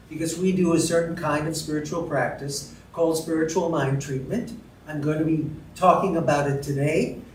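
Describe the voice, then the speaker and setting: A man speaking to a congregation as practitioner at a spiritual center, earnest and unhurried with some fillers, heard from a distance. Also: on the high side. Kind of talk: sermon to a congregation. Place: church hall. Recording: roomy distant sound with faint noise.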